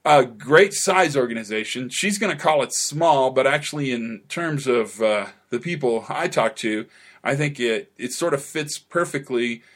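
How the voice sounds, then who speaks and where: A man's voice: mid-range voice, fairly bright tone. A man hosting a podcast, introducing the episode with playful, emphatic enthusiasm. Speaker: podcast host.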